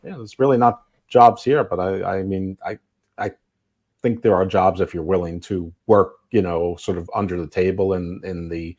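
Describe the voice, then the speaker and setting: A man co-hosting a casual podcast chat, halting with lots of restarts and dry jokey asides. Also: low-pitched, steady tone, a little mellow. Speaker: co-host.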